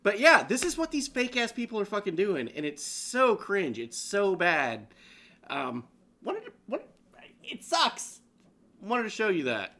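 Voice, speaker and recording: Male co-host, casual profane stream banter, lively pitch, sharp bright tone. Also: measured pace. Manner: profane, laughing, animated banter. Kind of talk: casual live-stream chat.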